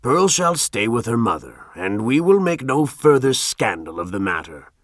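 A man's voice: mid-range voice, very animated, moderate pace, fairly bright tone, no echo, studio quality. A man voicing a stern, judgmental governor in an audiobook, speaking in a commanding tone. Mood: decisive.

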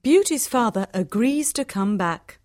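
A woman giving scripted storybook narration, clear, measured and even. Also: a little high, no room sound, clean studio sound.

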